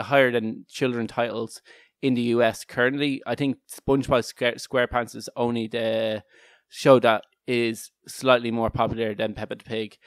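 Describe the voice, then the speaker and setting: A man's voice: medium pitch, no echo. Chatty man with a dry sound. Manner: rambling, laughs often, frequent restarts. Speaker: podcast co-host. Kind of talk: casual chat.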